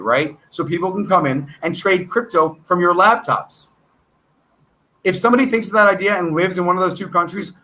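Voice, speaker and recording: An American man talks off the cuff on a stock market livestream, rambling from point to point with quick self-deprecating asides. His voice sits high and sounds bright and forceful, and his delivery stays excitable throughout. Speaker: stock market show host. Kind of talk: casual livestream commentary.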